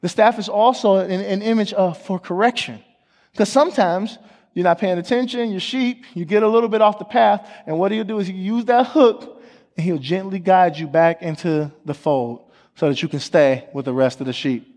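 A male pastor with a fairly high, slightly mellow voice preaches at a moderate pace in a church sanctuary, where a long hall reverb fills the recording. He works in call-and-response style, having the congregation repeat after him, asking them questions, and joking with them between points.

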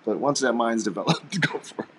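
A man co-hosting a live stream, chatting and joking in a playful, teasing, rambling way that swings between loud and soft. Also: mid-range voice, animated, moderate pace, a little hiss or hum. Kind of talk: casual joking chat.

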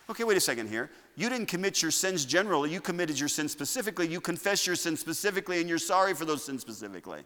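A man preaching a sermon to his church, moving between loud declarations and quiet asides. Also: on the high side, sing-song, fairly quick. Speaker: pastor. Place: church sanctuary. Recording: long reverb of a church hall.

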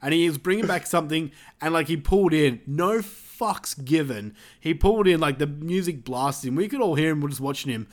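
A man with a fairly high, very lively voice that swings up and down as he talks. He chats loosely about movies, swearing freely and breaking into laughter often. The delivery is casual and unscripted. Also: brisk, hardly any pauses. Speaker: podcast co-host reviewing films. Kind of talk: casual chat.

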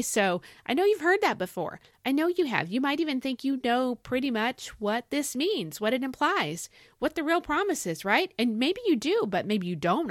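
A middle-aged woman hosts a Bible teaching podcast, animated and excitable, folksy in her talk. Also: a little high, no room sound, clean studio sound. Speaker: podcast host.

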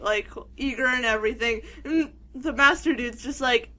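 A woman's voice: sits high, a little slow, hardly any pauses, bright, forceful tone. A woman joining a casual film chat, giggly and eager to share her jokes.

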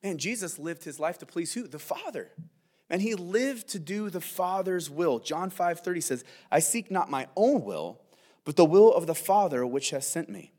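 Lively, earnest preaching man. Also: fairly high pitch, normal speed. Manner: earnest, conversational preaching with frequent "man" and "right?". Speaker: pastor. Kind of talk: verse-by-verse sermon.

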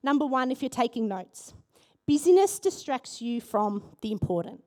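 Aussie lady pastor giving a sermon, high voice, super animated, lots of questions to the crowd. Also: normal speed. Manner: animated, rhetorical questions to the congregation. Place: church.

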